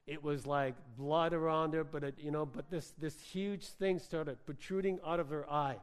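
A man preaching a sermon in a conversational, animated storytelling way, full of filler words. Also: a little high, normal speed, clean tone. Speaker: pastor. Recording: long hall reverb.

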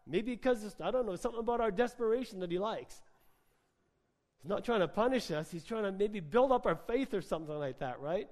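A man preaching a sermon in a conversational, animated storytelling way, full of filler words. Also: sits high, a little fast. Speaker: pastor. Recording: long hall reverb.

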